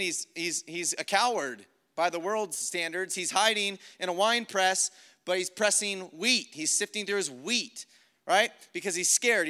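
A man's voice: sits high, sharp tone, clear, resonant tone. A man preaching a sermon as pastor, often checking in with "right?" and building to emphatic peaks.

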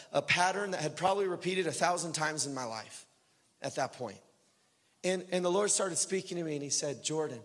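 A young man preaching a sermon in a casual way, telling a personal story, full of fillers, swinging from loud bursts to hushed, quiet lines. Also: on the high side. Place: church hall. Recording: long hall reverb.

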